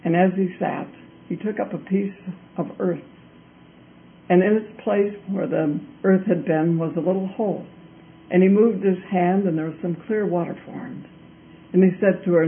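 Man, storyteller, high voice, deliberate repetitive telling, tinny phone-like recording. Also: gravelly. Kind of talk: told fairy-tale narration.

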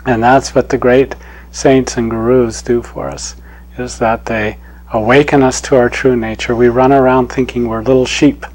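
A man giving a spiritual talk as a teacher, telling a parable in an unhurried, gently chuckling way. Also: mid-range voice, flat delivery, rough recording.

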